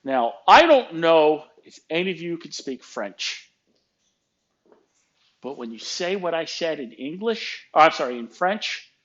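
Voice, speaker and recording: Man, casual work rant, exasperated, acts out both sides of conversations, higher voice, muffled recording. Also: very animated, unhurried, fairly bright tone. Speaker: vlogger ranting about work.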